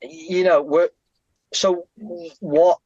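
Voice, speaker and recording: British male guest, chatty and animated, trips over his words, dry lo-fi sound. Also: fairly high pitch, extremely slow, no room sound. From United Kingdom. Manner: rambling, animated, frequent restarts. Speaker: guest traveller. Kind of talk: casual podcast storytelling.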